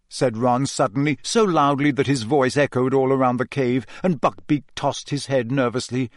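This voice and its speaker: A man narrating a storybook, reading at a measured pace with expression. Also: mid-range voice, no room sound, studio quality. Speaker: audiobook narrator.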